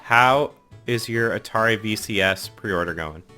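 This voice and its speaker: A man's voice: lowish voice, measured pace, pushed and bright, soft background music. A man hosting a casual group chat, joking and laughing mid-sentence. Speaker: podcast host.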